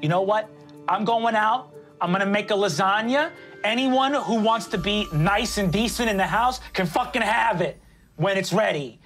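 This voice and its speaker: A man voicing an angry, shrill middle-aged mother in a mob family, shouting high above his own voice. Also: moderate pace, faint music behind. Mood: indignant. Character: weeping angry Italian-American mother, middle-aged woman.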